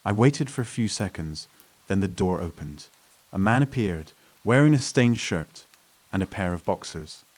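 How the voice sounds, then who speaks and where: A man with a deep, low voice reads a first-person horror story. His narration is scripted and steady, paced evenly like a storyteller. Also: normal speed.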